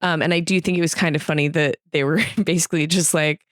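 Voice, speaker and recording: Female podcast co-host, wry and sarcastic, slightly low voice, dry close mic. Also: steady tone, fast talker, no room sound. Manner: wry, sarcastic quips, laughs often. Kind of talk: casual movie review chat.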